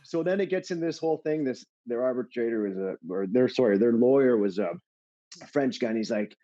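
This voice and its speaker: Man, middle-aged, casual animated storytelling, fillers, mid-pitched voice, muffled lo-fi audio. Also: fairly quick. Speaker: guest, former hockey player. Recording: dull lo-fi sound.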